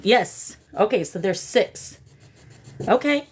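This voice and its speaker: A woman hosting a live paranormal spirit session, coaxing the spirits and greeting her viewers in a warm, emotional way. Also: mid-range voice, moderate pace. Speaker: paranormal livestream host.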